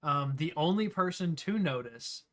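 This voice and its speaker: A man acting as game master for a tabletop game narrates scenes in a meandering, animated way, often pausing to search for words. His voice sits on the high side.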